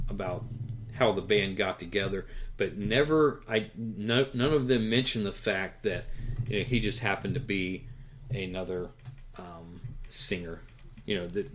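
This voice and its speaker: A man's voice: on the low side, a little hiss or hum. A man co-hosting a podcast in casual chat, rambling with many fillers and chuckles. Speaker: podcast co-host.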